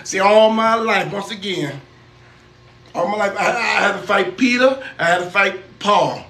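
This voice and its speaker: High-voiced older man, preachy and defensive. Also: a little slow, echoey room, crowd noise. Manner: defensive, preachy, repeats himself. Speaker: uncle on a livestream. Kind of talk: casual livestream banter.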